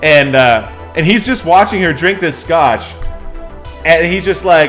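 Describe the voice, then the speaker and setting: A man's voice: fairly high pitch, animated, measured pace, fairly bright tone, soft background music. A man streaming a game live, telling a bar story in rowdy, profane casual chat.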